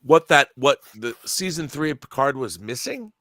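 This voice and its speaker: A man's voice: medium pitch, lively intonation, moderate pace, pushed and bright, dry recording, studio quality. A man in casual podcast chat, emphatic and opinionated, swearing freely and restarting his sentences as he rants. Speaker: podcast co-host.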